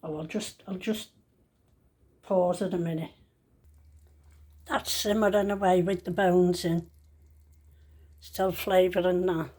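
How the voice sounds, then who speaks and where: This older woman's voice is on the low side, a little mellow, with fairly even intonation, a slow pace and frequent pauses. A grandmother cooking at home in her kitchen for a casual vlog, she rambles chattily and often fixes her words mid-sentence.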